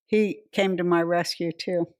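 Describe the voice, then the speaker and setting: A woman's voice: on the low side, fairly even intonation, a little slow, darkish tone. A woman in her seventies hosting a podcast, chiming in with short prompts and laughs during casual interview chat. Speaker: podcast host.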